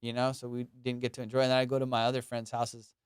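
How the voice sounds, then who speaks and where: A man's voice: mid-range voice, completely flat delivery, fast, clean tone, no echo, studio quality. A young adult man chatting casually on his own solo comedy podcast, rambling, playful and self-mocking, swearing freely.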